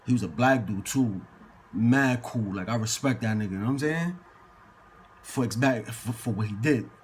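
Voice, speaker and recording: A man's voice: mid-range voice, normal speed, slight background noise. A man telling a casual story in slangy, profane street talk, acting out the people in it. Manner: slangy and profane, acts out quoted people in lively bursts.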